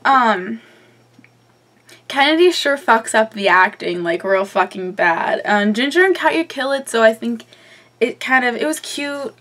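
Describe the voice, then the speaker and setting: A woman's voice: fairly high pitch, expressive, a little slow, fairly bright tone. A young woman vlogger chatting casually through a recap, with lots of ums and offhand swearing.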